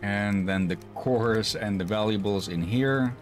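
Guy streaming a game, slow and low, chill and laughing a lot, faint music behind. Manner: relaxed, laughs often, thinks aloud. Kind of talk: casual gaming chat.

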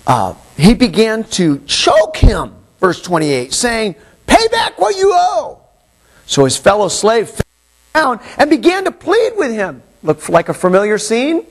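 A man's voice: high-pitched, a little slow, poor audio. A man preaching a sermon as a pastor, retelling a parable and acting out its characters' voices. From Hawaii. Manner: animated, acts out the parable's voices. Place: church.

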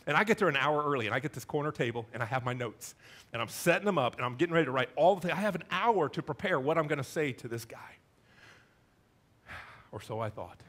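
Animated middle-aged preacher telling a story. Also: male voice, on the high side, quick pace. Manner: animated, self-deprecating storyteller. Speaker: pastor. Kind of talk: storytelling sermon.

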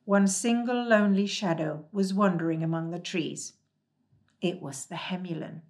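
Woman gently reading a storybook. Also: fairly low pitch, moderate pace.

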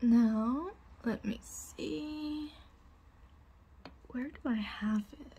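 A woman's voice: on the high side, extremely slow, dark tone, slight background noise. A woman playing a cruel young bully in a whispered role-play, taunting and bossing the listener with mocking laughs. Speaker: audio role-play performer.

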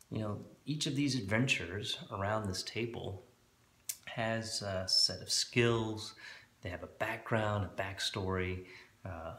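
A man and host, explaining a tabletop game in a relaxed, rambling way with many fillers. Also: low-pitched, reverberant. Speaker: dungeon master and channel host. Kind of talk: casual tutorial explanation. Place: room at home with a board.

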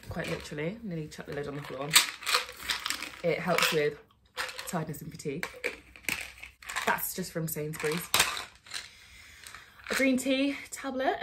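A woman's voice: on the low side, very noisy. A young woman chatting casually to camera at home for her fitness vlog, tired and candid, rambling with fillers and the odd swear. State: tired and low on energy. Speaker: fitness vlogger. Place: at home, indoors.

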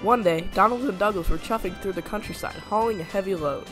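A man tells a children's storybook tale in a high voice, reading steadily with plenty of expression. Soft music runs faintly behind him. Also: fairly quick. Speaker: narrator. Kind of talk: storybook narration.

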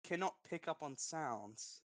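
A man with a somewhat high voice chatting over a gaming headset. He rambles, laughs easily and pokes fun at himself in loose voice-call banter. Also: expressive, measured pace, fairly bright tone. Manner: rambling, self-deprecating, laughs often.

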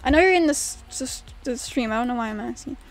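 Talking fast in a fairly high voice, with faint music in the background, a young woman comments casually on her gameplay for chat. Her loud reactions range from mumbling to shrieking in frustration, and she answers viewer questions after reading them out.

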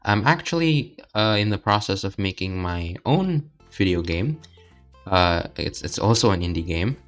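A man's voice: low-pitched, sing-song, a little slow, faint music behind. A young man casually commenting while playing a video game, rambling and hesitant with lots of filler words. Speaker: let's play host.

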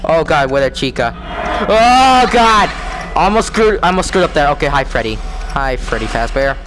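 A young man talking through a horror game in panic, repeating himself and swinging between yelps and low mutters. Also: lively intonation, a little fast. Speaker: gamer playing a horror game. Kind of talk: scared gameplay commentary. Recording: game music playing behind.

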